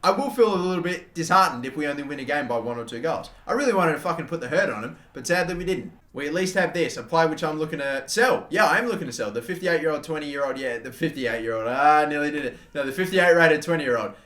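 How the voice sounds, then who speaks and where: Young guy yelling at a football game, bright tense voice, echoey room. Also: a little high, fast, hardly any pauses. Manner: excitable, swears often, shouts at goals. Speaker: gaming YouTuber. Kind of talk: live gameplay commentary.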